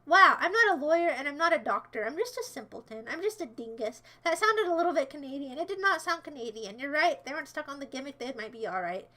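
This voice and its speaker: Very animated and high-pitched, a woman livestreamer talks fast with few pauses while answering chat, rambling, teasing viewers, and playfully defending herself. She bursts out in shouted commands in a mock-villain voice.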